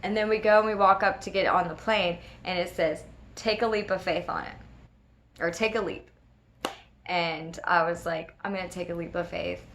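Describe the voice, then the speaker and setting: A woman, a regular host of a spiritual video series, telling a personal story in casual, animated talk and acting out the voices of the people in it. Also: lowish voice, moderate pace, a little hiss or hum. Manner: animated, laughing often, acts out quoted voices.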